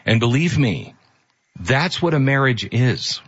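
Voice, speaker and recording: A man's voice: medium pitch, big pitch swings, unhurried, fairly bright tone, slightly rough, muffled recording. Earnest emphatic male commentator. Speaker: commentary show host. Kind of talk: opinion commentary.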